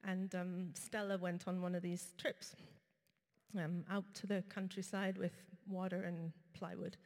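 A woman preaching a sermon, telling a personal story in a conversational way with frequent pauses and fillers. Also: lowish voice, flat delivery, a little mellow. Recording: reverberant hall.

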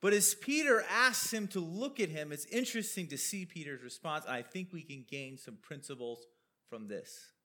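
A man teaches a sermon verse by verse, talking through his slides in a relaxed, conversational way and putting questions to his listeners. His voice is bright and sits a little high for a man. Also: normal speed. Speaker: preacher teaching a Bible passage.

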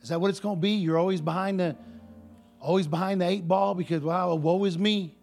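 A man preaching a sermon to a congregation, animated and full of rhetorical questions, in casual everyday speech. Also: sits high, brisk, creaky, faint music behind. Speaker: pastor.

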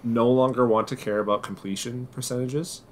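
A man in his thirties co-hosting a casual podcast, relaxed and self-deprecating, stumbling on the starts of his sentences. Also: mid-range voice, a little fast. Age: 30s. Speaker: podcast co-host.

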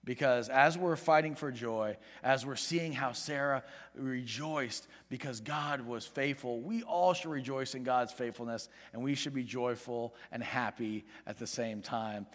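Man, pastor, sermon, earnest, pleading, swells louder for emphasis, long hall reverb, church sanctuary. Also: mid-range voice, a little slow.

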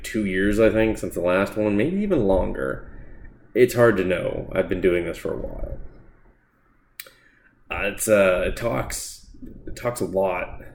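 A man with a low voice and vocal fry reviews comic books on his casual solo podcast, with slight background noise. His reviews are blunt, profane, sarcastic rants full of mocking asides.

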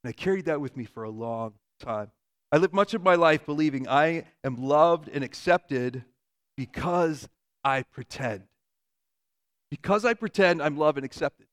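A man in his forties gives an earnest sermon to a church congregation, with a fairly high voice for a man. He keeps asking the room questions and drops his voice low and soft to press a point home. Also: unhurried. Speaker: pastor.

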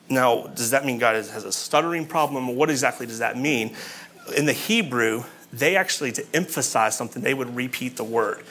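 A man's voice: mid-range voice, pushed and bright. A man preaching a sermon, talking conversationally and asking his listeners questions.

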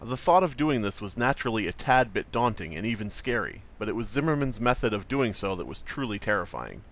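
Animated playful man reading aloud. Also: fairly low pitch, a little fast. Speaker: podcast co-host reading a story aloud. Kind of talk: casual group chat and story reading.

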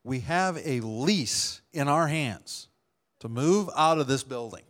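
A man's voice: medium pitch, takes it slowly. A man preaching as a pastor, telling a testimony story to his congregation, acting out the people he quotes. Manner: storytelling, animated, acts out quoted dialogue with laughs. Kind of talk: sermon testimony.

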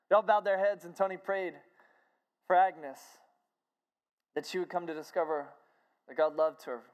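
A woman preacher telling a story in a sermon, narrating in an animated way and acting out every character. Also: lowish voice.

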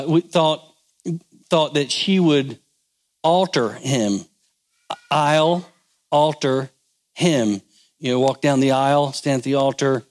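A male pastor giving a folksy, conversational sermon on marriage, asking the congregation for responses. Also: a little high.

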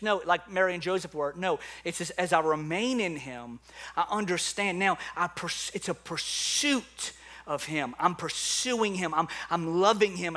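A man preaching a sermon, telling stories with lively energy and acting out his own panic in quick bursts. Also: fairly high pitch. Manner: animated storytelling, acts out his own panic. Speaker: pastor.

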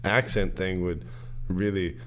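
A man hosting a podcast, chatting in a slow, playful way. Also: sits low, steady tone, a bit bright, slight background noise. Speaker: podcast host. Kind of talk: casual chat.

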